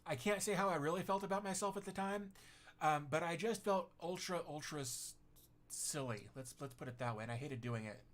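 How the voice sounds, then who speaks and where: A man's voice: on the high side, brisk, fairly bright tone. A middle-aged man hosting a casual tech livestream, rambling and self-deprecating as he reads viewer comments, with many fillers and restarts.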